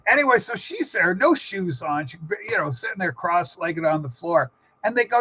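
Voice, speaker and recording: A man's voice: high-pitched, sing-song, normal speed, bright, forceful tone, slight background noise, poor audio. A man co-hosting a casual political livestream, telling rambling stories full of fillers and restarts.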